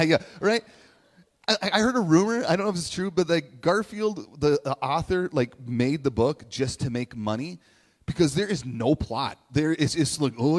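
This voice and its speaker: A man telling a personal story in a sermon, chatty and animated, acting out quotes in playful voices. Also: fairly high pitch. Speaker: speaker giving a message to a congregation. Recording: long hall reverb.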